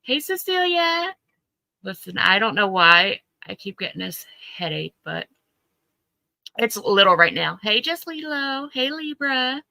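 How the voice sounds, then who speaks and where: A woman's voice: on the high side, big pitch swings, unhurried, creaky, bright, forceful tone, no room sound, low-quality recording. A woman hosting a casual livestream, greeting viewers by name and laughing through her stories. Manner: chatty, laughs at own stories. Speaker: livestream host.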